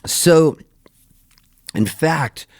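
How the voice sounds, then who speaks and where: A middle-aged man telling lively anecdotes in a radio interview, laughing often and jumping his voice up high when he quotes himself. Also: extremely slow, no room sound, studio quality. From Canada, raised in Southern California. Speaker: touring musician, guest. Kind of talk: animated storytelling in a radio interview.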